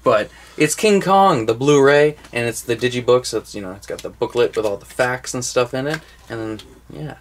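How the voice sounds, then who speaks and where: A man's voice: mid-range voice, moderate pace. A young man co-hosting a casual movie collection video, talking enthusiastically and rambling, with casual swearing. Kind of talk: casual chat.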